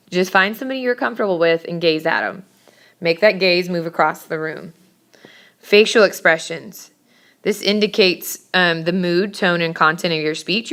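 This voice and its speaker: A woman teacher giving a brisk, emphatic classroom lecture on public speaking, scolding her students now and then. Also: on the low side, bright, forceful tone.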